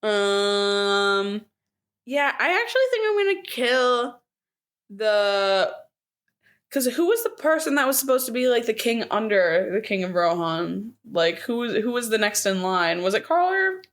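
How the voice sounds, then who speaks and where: A woman's voice: mid-range voice, sing-song, unhurried, fairly bright tone. A woman co-hosting a podcast, talking frankly and crudely with lots of fillers. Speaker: podcast co-host. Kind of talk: casual chat.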